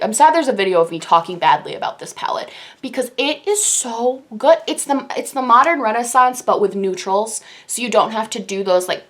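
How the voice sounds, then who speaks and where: Gushing young woman reviewing makeup. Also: mid-range voice. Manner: gushing, animated, quick bursts of enthusiasm. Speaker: beauty YouTuber. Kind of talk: casual product review.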